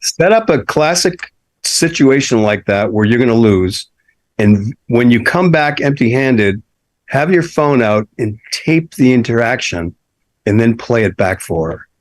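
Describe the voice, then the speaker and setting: A man in casual chat cracking dark jokes in a deadpan way, recorded in a restaurant's wine cellar. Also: mid-range voice, measured pace, no room sound, low-quality recording.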